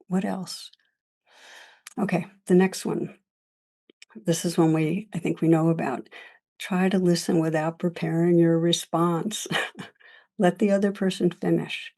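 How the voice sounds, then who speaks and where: A woman meditation teacher giving a gentle, reflective dharma talk, laughing often as she speaks. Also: lowish voice, vocal fry.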